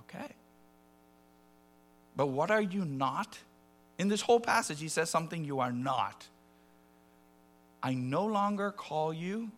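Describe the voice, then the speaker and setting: A man preaching a sermon, animated and conversational, dropping to soft asides and rising to loud acted quotes. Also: fairly high pitch, a little slow, long pauses.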